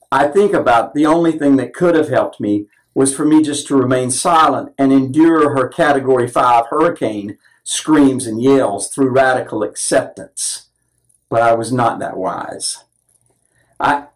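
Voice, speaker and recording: A man's voice: a little high, poor audio. An older man minister delivering an earnest, self-deprecating sermon full of personal stories.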